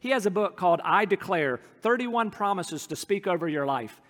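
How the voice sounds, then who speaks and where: A man preaching an expository sermon, reading a psalm and explaining it in an earnest way, slowing down to linger on key phrases. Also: sits high, animated, fairly bright tone, in a large hall. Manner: earnest, slows down to dwell on phrases. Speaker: pastor.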